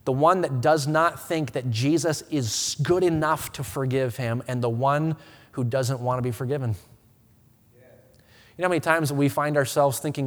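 A man in his thirties preaching a sermon to his congregation, swinging from quiet earnest talk to loud impassioned appeals, often stumbling and restarting his words. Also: medium pitch, normal speed. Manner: stammering restarts. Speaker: pastor. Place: church sanctuary with a congregation. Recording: long reverb of a church hall.

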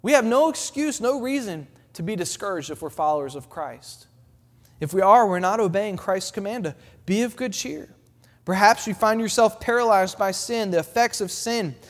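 A man with a high, light voice delivers an evening sermon in a church, the sound trailing off in a long hall reverb. He builds through repeated phrases and lets his voice fall quiet and gentle when giving quoted words of comfort. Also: animated, normal speed. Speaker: preacher.

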